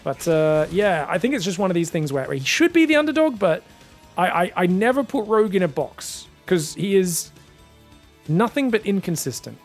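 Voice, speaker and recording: A man with a fairly high voice casts a video game match on his own. He talks in an excitable, chatty way, laughs a lot and often stumbles and restarts his sentences. Faint music plays under him. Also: moderate pace. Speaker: esports caster. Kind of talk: solo game commentary.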